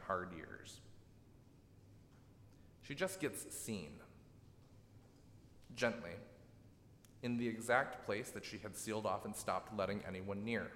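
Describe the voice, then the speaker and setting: A man preaching a sermon in a reflective, gently emphatic way, often checking in with "right?". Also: lowish voice, slight background noise. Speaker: pastor. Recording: echoey hall.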